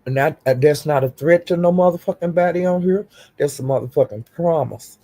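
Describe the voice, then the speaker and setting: Older woman streamer, husky and gravelly, dark tone, profane defiant rant. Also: low voice, fairly quick. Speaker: YouTube streamer. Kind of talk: livestream rant.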